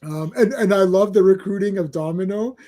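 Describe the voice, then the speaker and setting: A man hosting a casual podcast chat, rambling excitedly and acting out scenes from movies he loves. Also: high voice, brisk. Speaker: podcast host.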